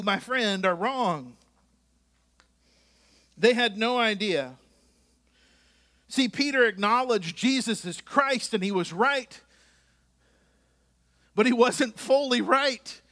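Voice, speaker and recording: A man's voice: very high-pitched, sharp tone. A male pastor preaching a sermon in a conversational way, reading scripture and adding joking asides.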